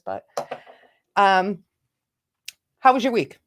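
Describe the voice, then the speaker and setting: A woman's voice: a little high, expressive, normal speed, background noise. A woman hosting a casual livestream, greeting viewers by name and laughing often. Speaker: livestream host. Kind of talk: casual live chat.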